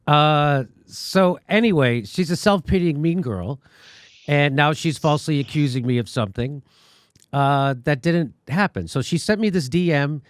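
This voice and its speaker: A man's voice: on the high side, lively intonation, normal speed, no room sound, clean studio sound. A man hosting a commentary show, telling a story in a sarcastic, indignant way. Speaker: host. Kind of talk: casual commentary.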